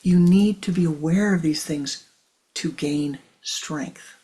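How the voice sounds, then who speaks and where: A woman spiritual teacher leads a slow guided teaching in a soft, measured voice that often falls to a hushed whisper. Her voice is low-pitched and husky.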